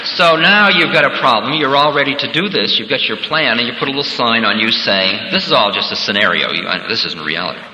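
A man's voice: mid-range voice, lively intonation, a little fast, few pauses, heavy background noise. A man giving a reflective, conversational workshop talk as a spiritual teacher, now and then acting out little scenarios. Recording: echoey hall with long reverb.

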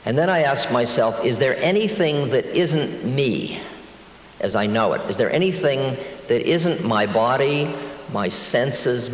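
Sixties guy musing wryly on a spiritual tale, mid pitch, roomy hall echo. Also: a little hiss or hum. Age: 60s. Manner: reflective, wry, slows down to muse. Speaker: spiritual teacher. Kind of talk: storytelling talk to an audience. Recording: echoey hall with long reverb.

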